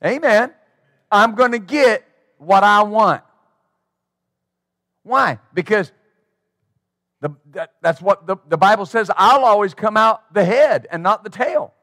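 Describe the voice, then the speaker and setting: A man's voice: high voice, animated, a little slow, pauses often, fairly bright tone, no echo, clean studio sound. A man preaching a sermon as pastor, emphatic and rhythmic, drawing call-and-response from his congregation.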